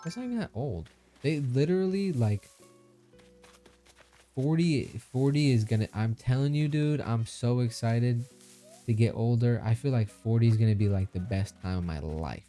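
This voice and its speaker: On a live stream, a thirty-something man keeps things casual, cracking jokes, laughing a lot and reading out messages from chat. He speaks at a moderate pace in a mellow, medium-pitched voice, with soft music playing in the background.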